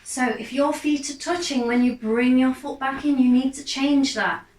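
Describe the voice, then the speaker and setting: Lady leading a slow chair workout, high-ish voice, calm cues, echoey room, mic kinda far. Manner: calm, encouraging, unhurried cues. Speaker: fitness instructor. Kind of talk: guided exercise class instruction.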